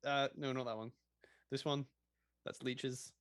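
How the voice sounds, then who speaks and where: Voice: medium pitch, fairly even intonation, unhurried, dry recording, studio quality. A player in a tabletop game, voicing a flustered, stammering character.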